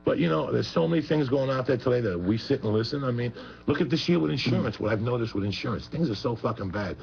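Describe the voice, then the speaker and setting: A man's voice: mid-range voice, expressive, fast talker, creaky, a little mellow. A man talking as a guest on a radio show, rambling, profane and emphatic. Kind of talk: heated profane talk radio chat. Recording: muffled radio broadcast with faint hum.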